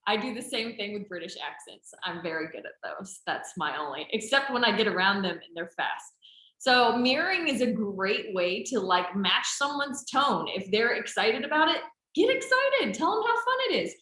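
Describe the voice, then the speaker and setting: A woman's voice: medium pitch, lively intonation, moderate pace, pushed and bright. A woman trainer chatting casually, talkative and encouraging as she answers team questions. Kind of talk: casual group chat. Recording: roomy echo.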